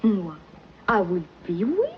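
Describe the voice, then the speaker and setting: A coquettish French maid. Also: female voice, mid-range voice, very animated, slow pace. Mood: coaxing. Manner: coquettish, sprinkles French words, broken English. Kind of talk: 1940s film acting. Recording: dull old film soundtrack, faint hiss.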